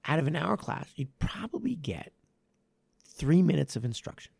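A man who runs a martial arts academy, chatting on a podcast in a rambling, self-correcting way that grows animated when he makes a point. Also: fairly high pitch, normal speed, creaky, breathy edge, no echo, studio quality. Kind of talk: casual podcast chat.

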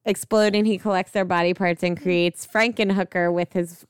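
Young woman podcast host, rambly, lots of ums, super clear voice. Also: lowish voice, fairly even intonation, moderate pace. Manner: chatty, rambling with many fillers and swearing. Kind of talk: casual chat about movies.

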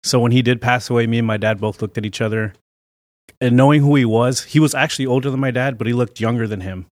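A man as a guest on a casual podcast, answering in a relaxed, laid-back way. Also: medium pitch, fast, dry recording, clean studio sound. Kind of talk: casual chat. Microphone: studio mic.

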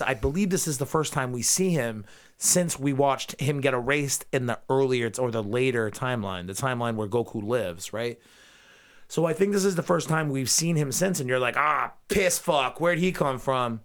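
A man co-hosting a casual podcast chat, profane and ranting, who sometimes hums and sings along. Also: medium pitch. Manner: profane, ranting, breaks into humming and singing. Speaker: podcast co-host.

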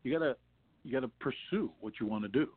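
A man's voice: mid-range voice, fast talker. A man, an actor guest, telling rambling anecdotes in a casual interview, full of restarts and laughs. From New York. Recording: tinny phone-like line.

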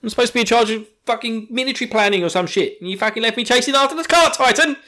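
A man putting on a shrill, frantic young male soldier's voice for comic effect. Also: rapid-fire. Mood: panicked ranting. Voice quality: yelling, shrill. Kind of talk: comic impression in a podcast.

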